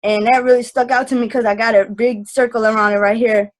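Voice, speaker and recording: A woman's voice: on the high side, level tone, quick pace, low-quality recording. Earnest, rambling woman on a call. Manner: earnest, rambling, lots of fillers. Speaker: team member sharing takeaways. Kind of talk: casual testimonial on a video call. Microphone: video call.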